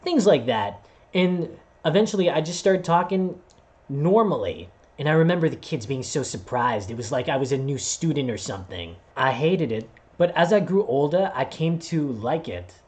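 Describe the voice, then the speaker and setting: Lively storytelling man, expressive pitch. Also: moderate pace. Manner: animated, acts out voices while telling a story. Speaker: vlogger and voice actor. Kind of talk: casual personal storytelling to camera.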